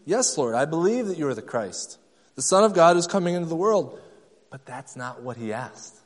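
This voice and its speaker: A man's voice: fairly high pitch, big pitch swings, moderate pace, long reverb tail. A man preaching a sermon, emphatic and repetitive, acting out the people he quotes. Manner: emphatic, acts out quoted voices, repeats key phrases. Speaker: pastor.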